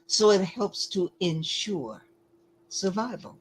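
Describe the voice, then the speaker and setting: A woman giving lecture-style commentary, deliberate and emphatic, often pausing to ask rhetorical questions. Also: mid-range voice, animated, husky, rough recording.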